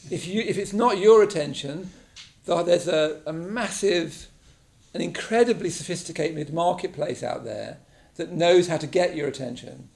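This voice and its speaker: Gravelly-voiced man teaching a class. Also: on the high side, normal speed, darkish tone. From England. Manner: conversational, checks in with frequent "yeah?". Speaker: meditation teacher. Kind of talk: casual teaching talk to a class. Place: meditation class room.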